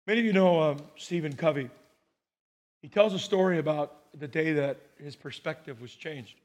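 High-voiced male pastor preaching. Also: normal speed. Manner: storytelling preacher, shifts between hushed and emphatic. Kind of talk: sermon.

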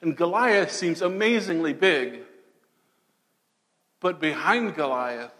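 A man preaching a sermon dramatically, moving between loud declarations and hushed, almost whispered passages. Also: a little high, expressive, slow pace, big-room sound. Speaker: pastor.

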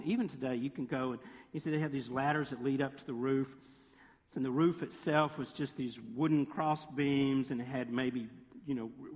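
A man preaching a sermon, telling the story in a lively way, acting out quoted voices and slipping in playful sarcasm. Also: medium pitch. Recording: long reverb of a large hall.

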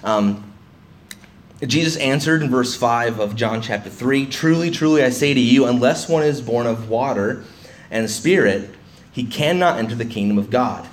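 A man's voice: mid-range voice, moderate pace. A man preaching an expository sermon in a church hall, talking conversationally with frequent restarts and voicing the people he quotes. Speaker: pastor. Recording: echoey room, faint hiss.

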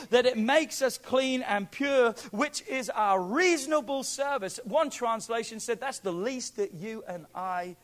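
A man preaching a sermon as pastor, emphatic and pleading, swinging from quiet asides to near shouts. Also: extremely high pitch.

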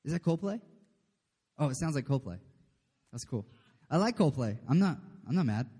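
A man's voice: on the high side, very animated, moderate pace, dark tone, husky. A man preaching a casual, chatty sermon, often checking in with the room. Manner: chatty, asks the room "okay?", laughs often. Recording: long hall reverb.

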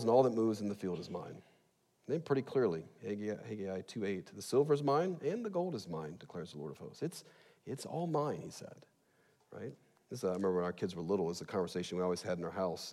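A middle-aged man, a pastor, preaching a sermon in a lively, conversational way with asides. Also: medium pitch. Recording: long reverb in a large hall.

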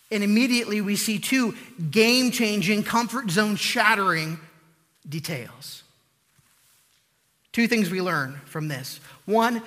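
Male preacher, high bright voice, earnest emphatic delivery, hall reverb. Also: animated. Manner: earnest, emphatic repetition with slow pauses. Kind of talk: sermon.

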